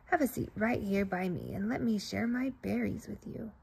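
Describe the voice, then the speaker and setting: A woman voicing a kind, generous young male bear cub in a children's story, gentle and friendly. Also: medium pitch, normal speed, creaky, slight background noise, natural voice.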